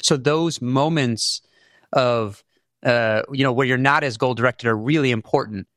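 A man, an author being interviewed, who explains ideas in a thoughtful, measured way. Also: mid-range voice, a bit bright, dry recording, studio quality.

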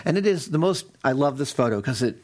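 A man's voice: mid-range voice, expressive, fast talker, a little mellow. Curious man interviewing a guest. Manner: enthusiastic, curious questioning. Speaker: interviewer, host.

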